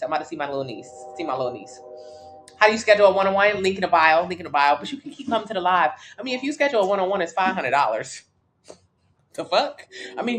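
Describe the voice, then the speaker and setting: Her voice sits low, with slight background noise behind it. This Miami fitness coach, who has a Southern US accent, talks openly and profanely on a casual live stream, gossiping and chatting freely.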